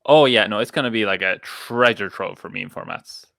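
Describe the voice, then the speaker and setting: A man's voice: lowish voice, normal speed, vocal fry, a bit bright, no echo. A man chatting casually and easily on a podcast, mostly agreeing with short remarks. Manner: easygoing, brief agreeing replies. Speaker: podcast panelist. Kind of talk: casual chat.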